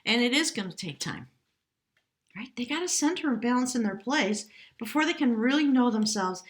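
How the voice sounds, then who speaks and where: A woman giving a spontaneous tarot reading, speaking gently and emotionally, now and then addressing her spirit guides. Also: on the high side, animated, moderate pace. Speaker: tarot reader.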